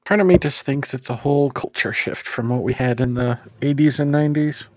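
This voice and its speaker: A podcast co-host in casual chat, lively and chiming in with agreement. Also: mid-range voice, brisk, dry recording, studio quality.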